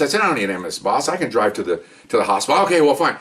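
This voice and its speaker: A man's voice: mid-range voice, lively intonation, rapid-fire, fairly bright tone, far from the mic. An older man, a retired police officer, tells rambling stories in a casual monologue, often repeating words and asking "okay?".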